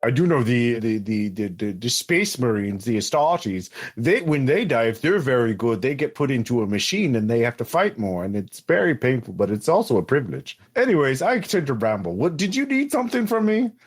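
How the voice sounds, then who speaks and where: A man's voice: mid-range voice, big pitch swings, brisk, few pauses, slightly rough. A man voicing a timid, rambling male clerk in a tabletop role-play, with a put-on accent and a nervous, chatty manner. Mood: nervous chatter.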